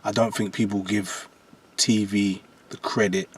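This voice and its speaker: A man's voice: on the low side, measured pace, breathy edge. A man in his forties, a jungle MC guest on a podcast, telling stories animatedly and often checking that the listener follows him. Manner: animated storyteller, keeps checking "do you understand". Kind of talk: podcast interview.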